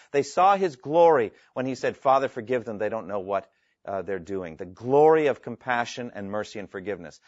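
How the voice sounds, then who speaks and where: A male Bible teacher with a medium-pitched voice reads scripture aloud and explains it in an earnest, emphatic way, teaching a live class and fielding questions. The recording is dry and lo-fi, with no room sound.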